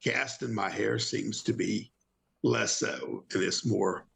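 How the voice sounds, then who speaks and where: Very gravelly-voiced man playing a tabletop game. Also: lowish voice, fairly even intonation, slow, fairly bright tone. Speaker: player. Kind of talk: describing his character's actions in a tabletop game.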